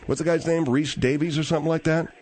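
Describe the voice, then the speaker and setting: A man hosting a comedy radio talk show, questioning callers in a brisk, deadpan way. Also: fairly high pitch.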